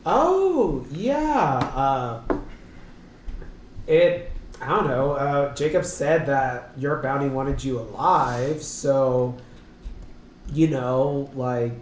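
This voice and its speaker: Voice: mid-range voice, animated, slight background noise. Stammering player in an echoey room. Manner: quick, stammering restarts. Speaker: tabletop player voicing Ember. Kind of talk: casual tabletop roleplay, mixing narration and dialogue. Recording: distant mic in an echoey room.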